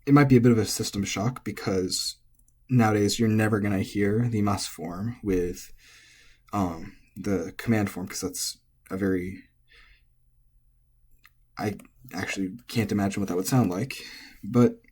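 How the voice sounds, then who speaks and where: Male language tutor, low husky voice, offhand self-correcting lecture. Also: unhurried, long pauses. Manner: relaxed, thinking aloud, self-correcting. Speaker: language teacher. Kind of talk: casual lecture on pitch accent.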